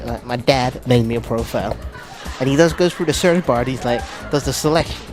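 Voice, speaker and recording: A man's voice: medium pitch, brisk. A young man doing a self-deprecating stand-up routine on stage at a ball, telling stories and slipping into voices. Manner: self-deprecating, animated storytelling with acted-out voices. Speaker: stand-up comedian. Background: music.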